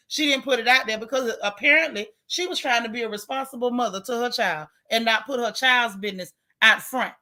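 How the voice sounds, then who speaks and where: A woman hosting a casual live stream, reading viewer comments and speaking out in an emphatic, outspoken way. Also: on the high side. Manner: animated, outspoken, emphatic repetition.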